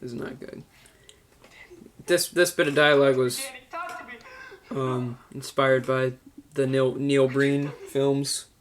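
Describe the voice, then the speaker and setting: A man's voice: mid-range voice, little pitch movement, takes it slowly, long pauses. Chatty man giving a director's commentary. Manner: chatty, laughs often, many restarts and "like". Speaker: video director and host.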